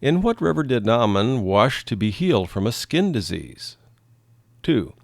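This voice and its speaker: A man reading English lesson questions aloud slowly and clearly for learners. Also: medium pitch, very animated, no room sound, clean studio sound.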